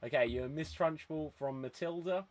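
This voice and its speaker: A man hosting an online improv show over a video call, brisk and chatty, laughing often. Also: a little high.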